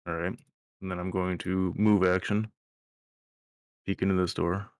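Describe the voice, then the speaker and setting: A man's voice: low voice, little pitch movement, measured pace, clear, resonant tone, no room sound, clean studio sound. A man playing a character in a tabletop game, offhand and a little unsure of the rules. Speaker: player. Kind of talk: casual play talk.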